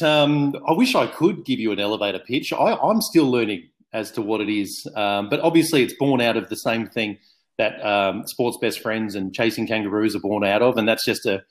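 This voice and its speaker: A man's voice: on the low side, moderate pace. A man chatting as a podcast guest, self-mocking and jokey. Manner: jokey, self-mocking, says mate a lot. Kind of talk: casual podcast chat.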